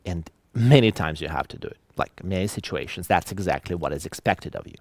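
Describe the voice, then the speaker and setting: A man giving an online lecture, talking in an animated way with musing asides and reading examples aloud. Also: low-pitched, a little fast, no echo.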